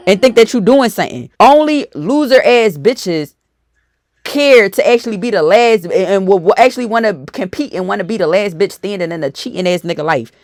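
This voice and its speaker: A woman's voice: mid-range voice, no room sound, studio quality. A woman YouTuber, delivering a profane, confrontational storytime rant.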